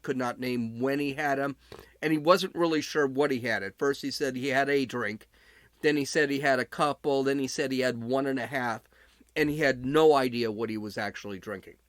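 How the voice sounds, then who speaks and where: A man's voice: medium pitch, normal speed, a bit bright, dry recording. A man hosting a podcast, talking casually as he recounts events, often restarting his sentences. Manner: conversational recounting with frequent restarts. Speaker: podcast host.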